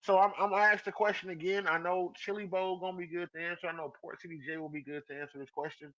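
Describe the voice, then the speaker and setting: Male podcast host, bright high voice, teasing, lo-fi stream audio. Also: fairly even intonation, fast talker. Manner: teasing, calls out listeners by name, laughs often. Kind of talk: casual live-stream chat.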